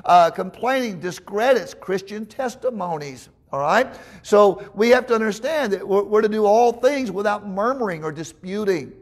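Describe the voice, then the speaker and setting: Preacher, male, higher-pitched voice, folksy storyteller, restarts his phrases often. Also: expressive, moderate pace. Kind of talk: sermon.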